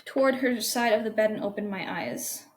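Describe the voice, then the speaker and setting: A woman's voice: medium pitch, normal speed, slight background noise. A woman narrating a creepy first-person story aloud, tense and with small slips and restarts.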